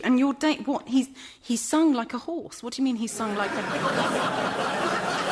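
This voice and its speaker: A fussy, over-earnest English woman in a sitcom, minding a moody teenager. Her voice is a little high and very lively, and she falls into formal, careful phrasing. She stumbles into nervous restarts. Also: heavy background noise. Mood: chatty. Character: earnest, wordy, well-meaning woman minding a teen. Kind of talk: sitcom acting.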